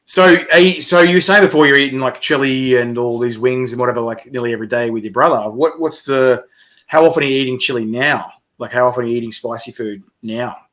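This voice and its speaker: A man's voice: medium pitch, quick pace, a bit bright. A man hosting a casual chat, telling stories animatedly with swearing and frequent laughter. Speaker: interviewer host.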